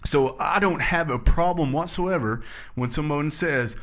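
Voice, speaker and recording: A man's voice: on the high side, measured pace, fairly bright tone. A man leading a casual scripture discussion, reading verses aloud and explaining them in an earnest, emphatic way. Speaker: Bible study discussion leader.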